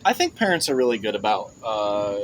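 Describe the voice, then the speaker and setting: A man's voice: fairly low pitch, big pitch swings, a little fast, crowd noise, low-quality recording. A young man, a podcast guest, chatting casually and telling jokey stories with frequent laughs. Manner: joking storyteller, laughs often. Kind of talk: casual chat.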